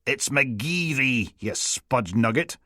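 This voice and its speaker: A man's voice: high voice, very animated, measured pace, sharp tone, no room sound, clean studio sound, pitched above the performer's own voice, exaggerated voice. Man doing a brash Scottish woman detective. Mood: bossy. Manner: bossy, rude and teasing. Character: brash foul-mouthed female detective inspector, Scottish.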